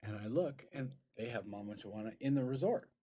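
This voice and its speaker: A man's voice: lowish voice, animated, brisk, dark tone. A man co-hosting a podcast in casual chat, rambling through a story with many restarts and fillers. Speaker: podcast co-host.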